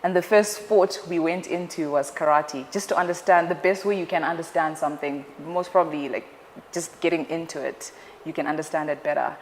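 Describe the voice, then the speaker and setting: A young woman, a news anchor, chatting as an interview guest, playful and animated as she tells stories. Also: low-pitched, brisk. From Zimbabwe. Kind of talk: casual interview chat. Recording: reverberant room with faint noise.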